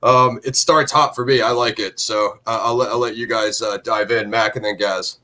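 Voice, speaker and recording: A man's voice: on the low side, fairly even intonation, normal speed, pushed and bright. A man hosting a review show in loose, rambling casual chat, full of fillers and restarts.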